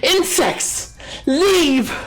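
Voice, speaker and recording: A man voicing a huge, panicked female stone giant who shouts at intruders in a high, strained voice. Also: very animated, drawn-out words, full character voice. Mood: panicked shouting.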